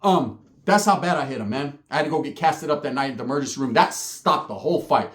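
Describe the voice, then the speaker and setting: Animated streetwise man telling a story. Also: mid-range voice, fast, reverberant. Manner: animated, streetwise slang, lots of cursing, frequent "right?". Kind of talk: casual storytelling with acted quotes.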